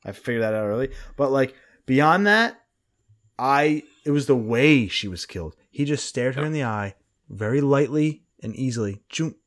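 Guy chatting casually, swearing a lot, excited retelling. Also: medium pitch, normal speed. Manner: swears freely, animated retelling. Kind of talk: casual chat.

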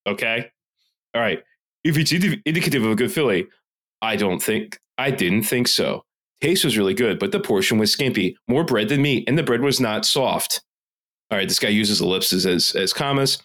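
Podcast guy from philly, swears a lot, rants and reads reviews out loud. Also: fairly low pitch, animated, normal speed. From Philadelphia area. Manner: profane, ranting, reads reviews aloud. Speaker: podcast co-host. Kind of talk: casual podcast banter.

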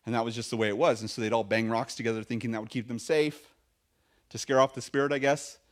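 A male pastor preaching a sermon in a conversational, animated way, with frequent fillers and restarts. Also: medium pitch, fast.

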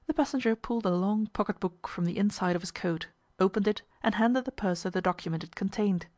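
A woman narrating a story in an even, measured reading. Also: medium pitch, no room sound.

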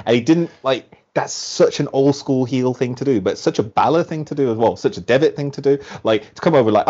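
A man's voice: mid-range voice, brisk, few pauses, dark tone. A man co-hosting a wrestling podcast, rambling casually and acting out what wrestlers said. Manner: rambling, acts out quotes. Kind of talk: casual chat. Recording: muffled lo-fi sound.

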